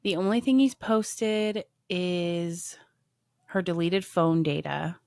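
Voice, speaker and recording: A woman co-hosting a podcast in casual chat, relaxed, often answering briefly. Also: lowish voice, takes it slowly, no echo. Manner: relaxed, brief agreeing replies. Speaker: podcast co-host.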